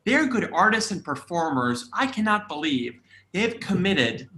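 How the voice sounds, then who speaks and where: A man's voice: high voice, sing-song, moderate pace, sharp tone, reverberant. A man, a guest on a video call, teasing his friends in a playful way. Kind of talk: casual chat on a video call.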